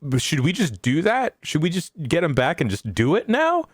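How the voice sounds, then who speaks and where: A man's voice: on the high side, huge pitch swings, normal speed, husky, no echo, clean studio sound. A man co-hosting a casual game podcast, joking and riffing on ideas. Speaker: podcast co-host. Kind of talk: casual chat.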